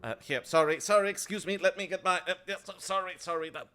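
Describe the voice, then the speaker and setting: A man's voice: high-pitched, fast, pushed and bright, clear, resonant tone, faint music behind, voice pushed up. A man doing a flustered, apologetic woman healer. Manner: apologetic, hesitant, fussy.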